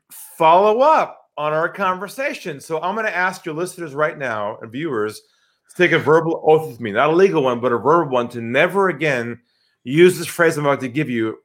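A man, a sales trainer, answering interview questions by telling vivid stories and acting out phone calls. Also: a little high. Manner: animated storyteller, acts out phone calls.

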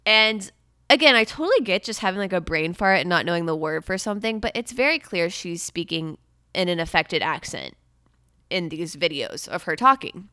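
A young adult woman hosts a podcast, chatting casually and leaning heavily on "like" as a filler. Her voice is on the low side, animated, brisk, sharp-toned, and smooth, captured as a dry, clean studio recording.

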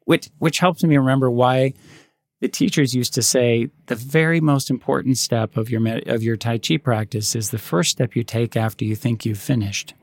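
A man co-hosting a podcast, telling reflective, gentle anecdotes in casual conversation. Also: medium pitch, steady tone, moderate pace, dry recording, studio quality. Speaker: podcast co-host.

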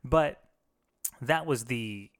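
Speaking very slowly in a mid-range voice, a former pastor co-hosting a podcast talks candidly and reflectively in a casual conversation. He frequently restarts his sentences.

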